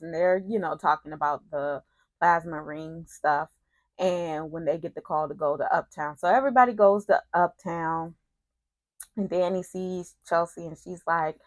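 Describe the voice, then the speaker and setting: A woman casually recapping a soap opera episode in an animated, sassy way, with slang and quick asides. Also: on the low side, no room sound.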